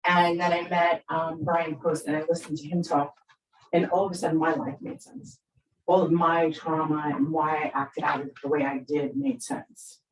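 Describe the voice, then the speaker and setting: Her voice sits low and barely moves in pitch, at a normal speed, with a bit of hiss or hum in the background. She's a therapist in her fifties giving parents a conversational presentation, often asking "right?" and voicing quotes with big changes in tone. The sound is distant and echoey.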